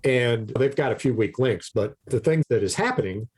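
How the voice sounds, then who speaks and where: A man's voice: medium pitch, lively intonation, moderate pace, darkish tone, breathy edge. A man co-hosting a casual podcast, ranting animatedly about politics, swearing freely and often repeating his words. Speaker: podcast co-host.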